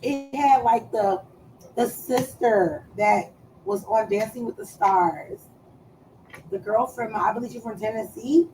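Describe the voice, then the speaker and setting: A woman chatting casually on a live stream, loud and playful, swearing freely and trailing off as she searches for words. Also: a little high, a little slow, slight background noise, rough recording.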